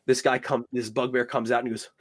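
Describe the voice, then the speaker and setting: A man running a tabletop game as game master, narrating in a loose, relaxed way full of casual filler words. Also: medium pitch, fast.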